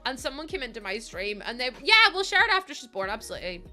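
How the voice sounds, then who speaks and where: A woman's voice: sits high, big pitch swings, quick pace, sharp tone, soft background music. A young woman with a Northern Irish accent, chatting casually to her live stream audience, laughing often and swearing now and then. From Northern Ireland.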